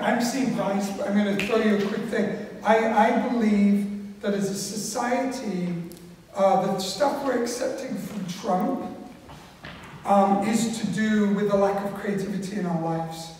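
A man with a Northern English accent, talking onstage to an audience in a rambling, self-deprecating, energetic way, in a large museum auditorium. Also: high-pitched, a little slow, slight background noise. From Leeds, England. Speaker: artist in a public talk. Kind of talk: onstage conversation before an audience. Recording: echoey hall, mic far off.

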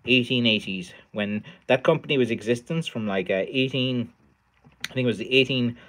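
Speaking with a lowish but fairly bright voice, a middle-aged Irishman hosts a casual livestream as a stick maker. He sounds tired, rambling along with frequent fillers and restarts.

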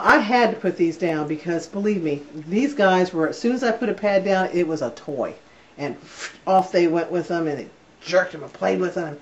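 A woman breeder giving a casual home video tour, talking in a chatty, doting way with many fillers. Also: fairly low pitch. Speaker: dog breeder. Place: indoors at home with puppies. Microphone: camera held by a helper. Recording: slightly distant, dull camera audio.

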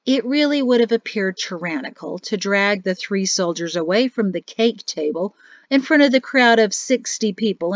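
A woman narrating an audiobook in a lively, expressive storytelling manner. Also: mid-range voice, no room sound. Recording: dry, slightly muffled audio.

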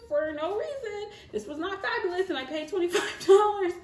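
A young woman with a Southern American accent, telling a casual storytime vlog in an animated way, laughing and using many fillers. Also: extremely high pitch, a little fast. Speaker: vlogger. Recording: echoey room.

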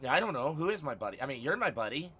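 Teasing, swearing male streamer, bright voice. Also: mid-range voice, sing-song, very fast, husky. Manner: teasing, swears a lot, bursts out loudly. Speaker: livestreamer. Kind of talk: casual live-stream chat.

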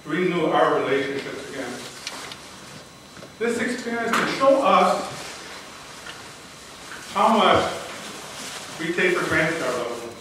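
A man's voice: a little high, background noise. An older man giving a prepared speech at a speech contest, telling a personal story in an earnest, dramatic way, picked up by a distant mic in a large hall. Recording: echoey hall from far off, faint ambience.

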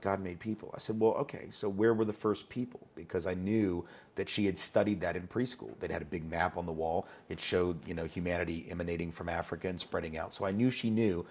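Deep-voiced guy being interviewed, chatty storyteller, kinda husky. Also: fairly even intonation, a little fast, hardly any pauses. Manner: anecdotal, repeats words when starting a thought. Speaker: interview guest, educator.

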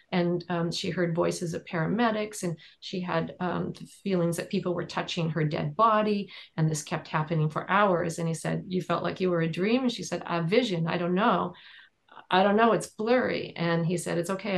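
Low, flat-voiced woman with a gravelly edge. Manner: halting, with many fillers and restarts. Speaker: trial observer and advocate. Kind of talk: recounting courtroom testimony in conversation.

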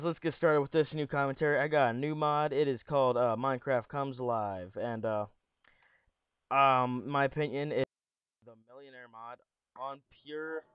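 A man's voice: medium pitch, clean tone, dry recording, muffled recording. A young man giving casual, jokey commentary on a game, rambling between points with a showman's flair. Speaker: gaming commentator.

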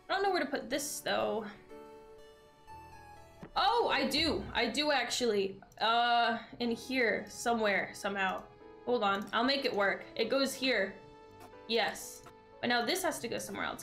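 A young adult woman streaming a game, chatting excitedly with her viewers as she plays. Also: high voice. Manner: bubbly, excitable, talks to chat while playing. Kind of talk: casual gaming stream chat.

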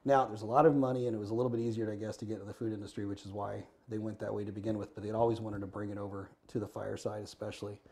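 Middle-aged man with a mellow voice. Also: on the low side, racing, hardly any pauses. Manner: animated, acts out dialogue while telling stories. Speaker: guest, former firefighter and business owner. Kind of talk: casual interview storytelling. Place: Arizona.

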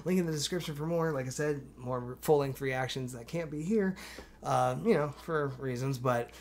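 A man's voice: mid-range voice, moderate pace, a little hiss or hum. Casual male reaction-video co-host. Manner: relaxed, chatty, stumbling starts.

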